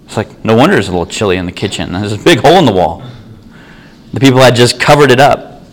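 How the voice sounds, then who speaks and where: A man's voice: medium pitch, animated, quick pace, poor audio. A man preaching a sermon, telling an everyday story in an earnest, conversational way.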